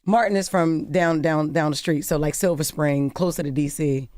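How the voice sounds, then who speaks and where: A woman from Maryland with a deep, raspy voice, co-hosting casual morning radio banter in a studio, animated and quick to laugh. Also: no echo. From Maryland, USA. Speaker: radio co-host. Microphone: studio microphone.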